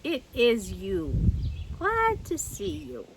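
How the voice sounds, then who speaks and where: A woman voicing a fussy, polite, cautious male rabbit who speaks in a prim, drawn-out way. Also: on the high side, huge pitch swings, vocal fry, background noise, full character voice.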